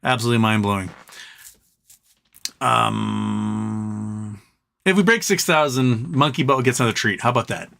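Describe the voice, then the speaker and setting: Bright-voiced man hosting a charity livestream. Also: fairly low pitch, a little slow, creaky, pauses often. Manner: emotional, tearful while thanking viewers; talks fondly to his pet between comments. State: teary. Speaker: livestream host. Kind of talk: casual livestream chat reading donor comments.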